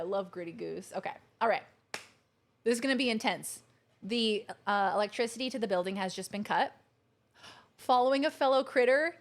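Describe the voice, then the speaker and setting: A woman's voice: medium pitch, normal speed. A woman streaming a video game from her couch at home, chatting casually and gushing thanks to her viewers. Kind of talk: casual live-stream chat. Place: living room couch at home.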